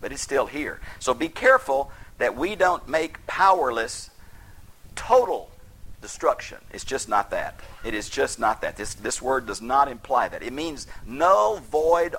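Male Bible teacher, emphatic folksy sermon delivery, bright and slightly husky tone. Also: medium pitch, big pitch swings, normal speed, rough recording. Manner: folksy, emphatic, flares into heated outbursts. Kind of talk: sermon-style Bible lecture.

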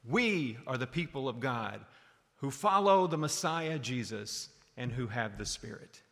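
A man preaching a sermon, animated, swinging from loud calls down to low, quiet lines. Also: a little slow, gravelly. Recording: long hall reverb.

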